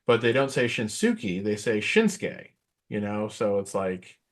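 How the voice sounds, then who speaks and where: Co-hosting a podcast, a middle-aged man chats about wrestling at a normal speed in a lowish voice. His talk rambles, is heavy on fillers and full of animated asides.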